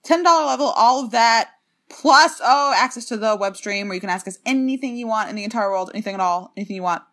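Woman, podcast co-host, bubbly, jokey, bright tone. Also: fairly high pitch. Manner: bubbly, jokey, fast asides. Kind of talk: casual podcast chat. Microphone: remote recording, separate apartments.

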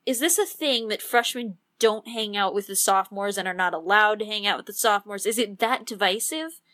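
A woman's voice: medium pitch, a little fast, a bit bright. A woman co-hosting a casual book podcast, asking questions in a chatty way. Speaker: podcast co-host. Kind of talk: casual chat.

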